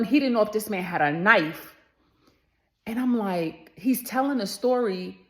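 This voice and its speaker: A woman's voice: mid-range voice, unhurried. A woman, chatting casually to camera and telling a story, addressing viewers as y'all and acting out the voices in it.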